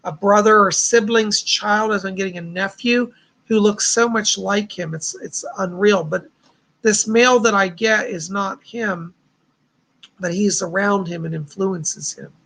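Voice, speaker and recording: A man's voice: high-pitched, steady tone, a little slow, vocal fry, a bit bright. A man hosting a live stream of psychic readings, talking in a chatty, reassuring way with a somewhat strained voice. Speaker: psychic host.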